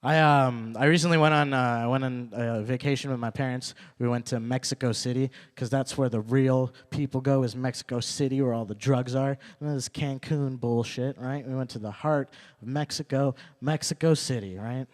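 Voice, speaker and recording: A man's voice: medium pitch, steady tone, moderate pace, hardly any pauses. A young man performing a stand-up comedy set at a small club open mic, telling stories loosely, repeating his lines and acting out quotes.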